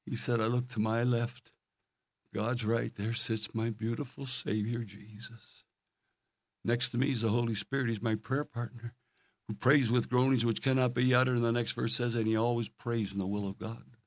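An older man preaching a sermon, telling stories with earnest feeling and dropping from loud emphasis to hushed tones. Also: medium pitch, steady tone, normal speed, dry recording, clean studio sound.

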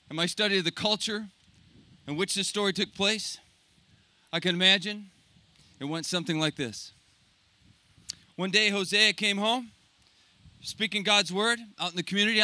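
A man preaching, retelling a scripture story dramatically, swinging between loud and hushed. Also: high-pitched, normal speed, long pauses, no echo. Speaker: pastor.

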